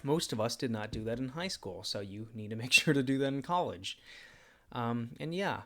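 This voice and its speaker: Young male streamer, casual Q&A, mid-pitched voice, rambling, jokey, filler-heavy. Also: expressive, moderate pace. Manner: rambling and self-deprecating, with frequent laughs and fillers. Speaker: channel host. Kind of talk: casual livestream Q&A chat.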